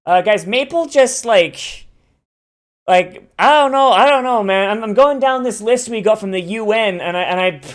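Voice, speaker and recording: A streamer voicing a flustered, panicky game developer who rambles in a high-strung way. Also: moderate pace, natural voice. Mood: nervous.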